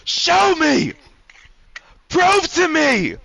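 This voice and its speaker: A man's voice: very high-pitched, very animated, very slow, creaky, dry recording, voice pushed up, full character voice. A man voicing a grief-stricken male character who screams through tears, his voice cracking as he cries out. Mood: screaming anguish. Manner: shouting desperately, voice cracking. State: crying.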